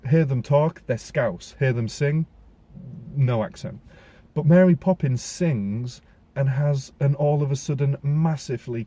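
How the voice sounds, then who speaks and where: A man's voice: mid-range voice, dark tone. A man ranting sarcastically in a casual solo film review podcast, with frequent restarts and ums.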